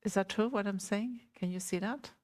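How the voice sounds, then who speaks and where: A woman with a medium-pitched voice teaches a small group in a meditation center hall. Her Buddhist talk is gentle and unhurried, and she frequently puts questions to her listeners.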